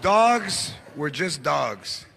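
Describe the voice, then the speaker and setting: A man in his forties with a Mexican-American accent doing stand-up comedy, acting out relatives with Spanish phrases and bursts of shouting. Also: a little high, big pitch swings, drawn-out words, gravelly, crowd noise, noisy background. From United States. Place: large theatre stage. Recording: live theatre audience laughing.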